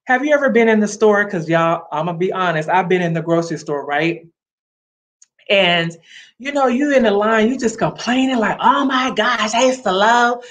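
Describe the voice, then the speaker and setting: In a motivational livestream, a woman urges her viewers on in an upbeat, preachy, casual style. She speaks at a moderate pace in a medium-pitched, expressive voice.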